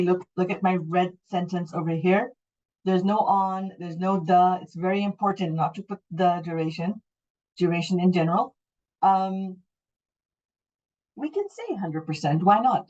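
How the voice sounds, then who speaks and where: A woman's voice: on the low side, warm tone, dull audio. A middle-aged woman with a Canadian accent, teaching an online English class, explaining patiently and checking that students follow.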